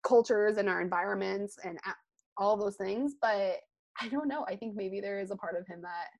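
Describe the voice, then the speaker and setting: A young adult woman hosting a podcast in a casual, chatty and animated way, with lots of "like" fillers. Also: medium pitch, moderate pace, no room sound. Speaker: podcast host.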